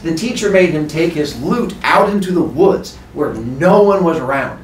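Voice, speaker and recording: A male teacher tells a myth to his class in a playful, jokey way. His voice sits a bit high and leaps around lively. The classroom gives it a roomy echo, with faint noise behind. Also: moderate pace. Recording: echoey classroom.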